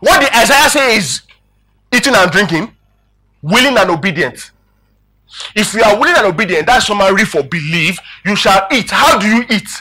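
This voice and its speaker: Male preacher, emphatic sermon delivery, bright and forceful, husky edge. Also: high-pitched, moderate pace. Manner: calls out questions to the congregation; emphatic, animated preaching with rising and falling volume.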